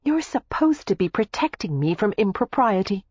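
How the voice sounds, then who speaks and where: Woman doing a playful young heiress, teasing, higher voice, kinda husky. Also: a little slow, no echo, lo-fi sound, exaggerated voice. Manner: teasing, lively.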